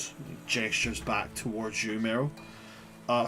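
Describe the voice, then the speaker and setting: A man's voice: medium pitch, steady tone, normal speed, fairly bright tone, soft background music. A man acting as game master, narrating a tabletop role-playing game in a laid-back way with small chuckles.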